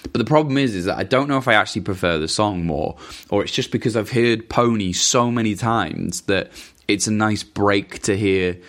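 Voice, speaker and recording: A man's voice: on the low side, moderate pace, a bit bright. A man hosting a podcast, casually answering listener questions in a rambling, self-interrupting way with chuckling asides. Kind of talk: casual chat.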